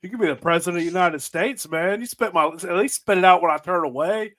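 A man's voice: sits high, fast, a bit bright. A man hosting a casual chat, teasing his guests and laughing often. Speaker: podcast host.

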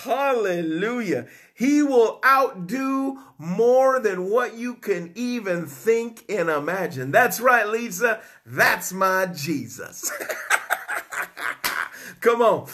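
A man's voice: high-pitched, animated, slow pace, fairly bright tone. A man preaching a fervent live-streamed sermon, whooping and repeating his key phrases, greeting viewers by name. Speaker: online preacher.

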